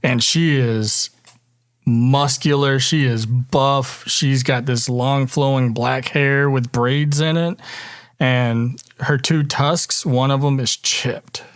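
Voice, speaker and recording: Relaxed man running a tabletop game. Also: mid-range voice, slow pace, no room sound, studio quality. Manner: relaxed narration with fillers. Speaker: dungeon master.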